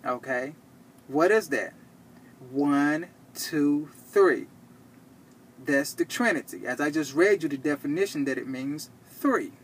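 A man teaching from the Bible, reading verses slowly and checking in with "okay?" after each point. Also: a little high, a little hiss or hum. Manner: reads verses slowly and deliberately. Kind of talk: scripture teaching to camera.

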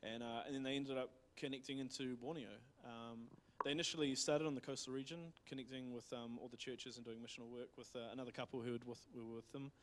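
A man's voice: mid-range voice, little pitch movement, fast, hardly any pauses, a bit bright, slight background noise. A man with a New Zealand accent retelling a missionary's story in a church talk, rambling with many fillers and restarts. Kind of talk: casual sermon storytelling.

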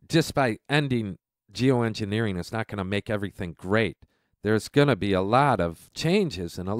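Male talk-radio host, congested and stuffy, heated sarcastic rant, smooth resonant tone, dry close sound. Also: mid-range voice, dry recording. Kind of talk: political commentary rant. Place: at home.

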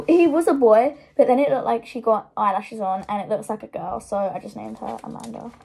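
Speaking on camera through wireless earbuds, a vlogger with a high, creaky voice chats casually in a show-and-tell style against a noisy background. She giggles, rambles, and makes self-mocking asides.

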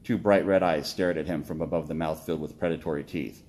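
A man reading his own story aloud, steady with occasional slips and self-corrections. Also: very deep voice, fast talker.

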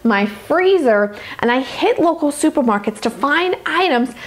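A woman's voice: high-pitched, lively intonation, measured pace. A woman with a Louisiana Southern accent, hosting a casual cooking tutorial in her home kitchen, chatty and upbeat, calling her viewers gang and y'all. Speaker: dietitian and cooking host.

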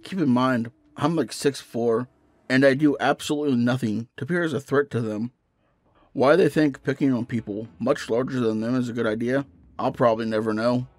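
Un hombre, presentador de un canal de terror, que lee en voz alta una historia de miedo con narración pausada y constante. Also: male voice, mid-range voice, no room sound. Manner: steady storytelling narration. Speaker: horror story narrator and channel host. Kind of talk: reading a creepypasta aloud.

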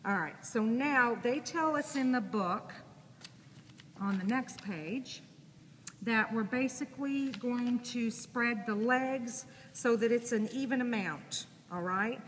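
A woman teaches a sewing class, chatty and relaxed, talking through each step as she works. Her voice carries through a reverberant classroom, with steady background noise around it. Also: on the high side, slow. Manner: casual, chatty, thinking aloud while working. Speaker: sewing instructor. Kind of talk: classroom demonstration. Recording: echoey room with audible noise.

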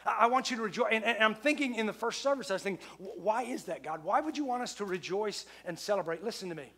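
A middle-aged man with a high voice preaches a sermon to his congregation. He keeps it conversational and leans on repeated phrases for emphasis. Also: quick pace, few pauses, bright, forceful tone. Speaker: pastor.

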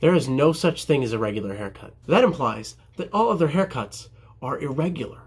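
A young barber answers viewer questions in a casual vlog, joking about himself and mimicking his customers. His medium-pitched voice is sing-song, brisk, and slightly rough.

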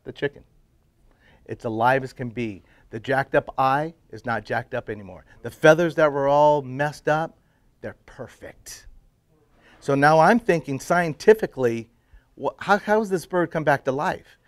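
A middle-aged man telling his personal faith story to a men's group, drifting into hushed, emotional moments. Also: medium pitch, a little slow, no echo. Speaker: testimony speaker at men's breakfast.

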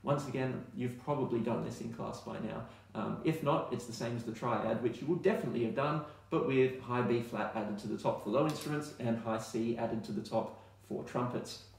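An Australian man teaching music in a relaxed, chatty way, now and then singing scale notes to demonstrate. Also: medium pitch, brisk, creaky, few pauses, heavy reverb. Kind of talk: recorded online music lesson.

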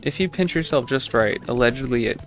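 A man's voice: medium pitch, expressive, fairly quick, faint music behind. A man casually commenting on a video game as he plays, rambling and self-deprecating with lots of fillers. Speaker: gaming channel host. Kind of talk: casual let's play commentary.

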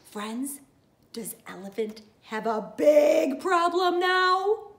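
Give me an encouraging woman teacher talking slowly to little children, animated and high-pitched. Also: vocal fry, reverberant. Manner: encouraging, addresses children as friends. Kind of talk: children's lesson and story reading.

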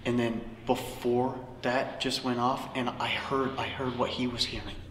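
A man hosting a ghost-hunting vlog as a paranormal investigator speaks in a hushed, low voice to spirits inside a large old building. His tone is level and his pace measured, recorded in an echoey hall with faint noise.

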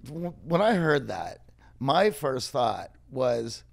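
A man's voice: medium pitch, big pitch swings, takes it slowly, creaky. A man hosting a podcast who chimes in with his own reflections on what his guest says. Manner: engaged, chimes in with reflections and laughs. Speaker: podcast host. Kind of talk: conversational interview.

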